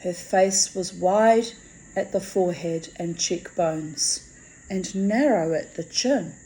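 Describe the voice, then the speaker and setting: A woman reading a fantasy story aloud in a measured, expressive way. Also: fairly low pitch, low-quality recording. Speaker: reader.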